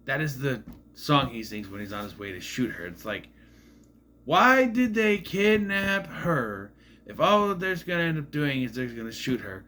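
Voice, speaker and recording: A man's voice: medium pitch, very animated, moderate pace, pushed and bright. A man casually recapping a movie in a rambling, musing way, often admitting he is unsure. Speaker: movie reviewer.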